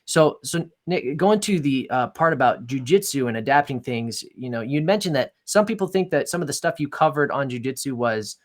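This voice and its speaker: A man's voice: medium pitch, expressive, normal speed, few pauses. Rambling male interview host. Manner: rambling, restarts questions, many fillers. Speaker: podcast host. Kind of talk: interview questions.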